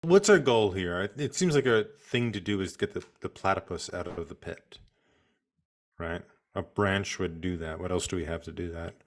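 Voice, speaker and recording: Deep-voiced man thinking aloud over a game. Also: normal speed. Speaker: player. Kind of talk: casual chat while playing a text adventure.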